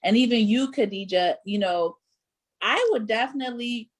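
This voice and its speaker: A woman's voice: a little high, normal speed. A young adult woman hosting a casual panel discussion, talking emphatically with many fillers. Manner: emphatic, conversational, lots of fillers. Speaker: panelist and host.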